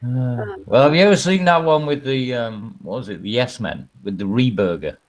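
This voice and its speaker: A man's voice: medium pitch, lively intonation, moderate pace, soft background music, low-quality recording. A man hosting a casual livestream, rambling through stories with crude humor, fillers and frequent laughter. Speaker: stream host.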